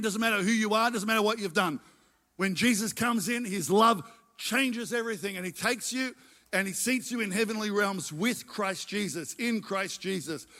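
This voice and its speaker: A man's voice: sits high, creaky, pushed and bright. A middle-aged man preaching a sermon, emphatic and repeating his phrases as he tells his own story. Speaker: pastor.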